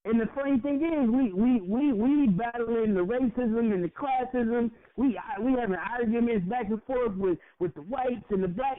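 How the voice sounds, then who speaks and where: Young guy podcaster going off, high voice, cussing, dry tinny sound. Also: moderate pace, hardly any pauses, no echo. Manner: heated, profane, repeats words when worked up. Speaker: podcast co-host. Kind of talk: impassioned casual podcast rant. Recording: tinny phone-like audio.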